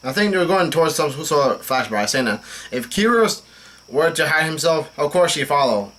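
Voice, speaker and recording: Southern guy reading a manga chapter out loud, kinda high voice, stops and restarts a lot. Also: expressive. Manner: halting read-aloud with restarts and asides. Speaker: manga reaction host. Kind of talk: reading aloud and reacting to a comic chapter.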